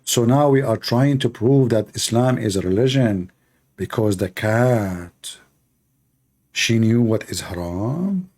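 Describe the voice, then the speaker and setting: A man's voice: on the low side, expressive, slow pace, darkish tone. Sarcastic rambling male vlog host. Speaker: channel host. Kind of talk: mocking commentary vlog.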